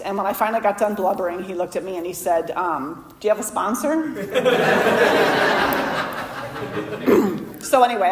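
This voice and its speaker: A woman shares her story at a recovery meeting, candid and self-deprecating, with a slightly low voice. Her voice rings in a reverberant hall, picked up through a podium mic with faint room noise behind her. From Florida. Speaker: AA speaker. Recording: echoey hall recording.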